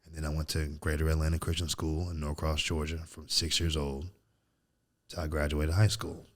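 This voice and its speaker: A man in his thirties, a podcast guest, telling a story in casual chat, animated and throwing in "bro" a lot. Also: a bass voice, moderate pace. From United States. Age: 30s. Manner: animated storyteller, acts out quotes loudly, says "bro" often.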